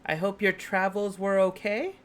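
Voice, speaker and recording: Guy doing a lazy sultry pirate queen, high and drawly, tabletop game voice. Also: level tone, normal speed, close to an everyday voice. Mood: silky. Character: sultry languid female pirate queen on a throne.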